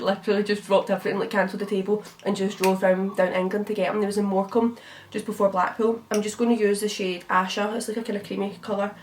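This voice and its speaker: A woman's voice: mid-range voice, distant mic, a little hiss or hum. A young Scottish woman in her twenties chatting casually and swearing freely while she does her makeup for a vlog. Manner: chatty, swearing, lots of fillers. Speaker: beauty vlogger.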